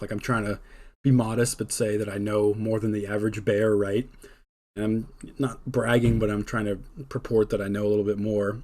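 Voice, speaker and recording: A man's voice: fairly low pitch, level tone, a little fast, darkish tone. A young man hosting a podcast, telling a long personal story in a casual, chatty way, full of "like" and little laughs. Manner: chatty, heavy use of "like", laughs between lines. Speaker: podcast host.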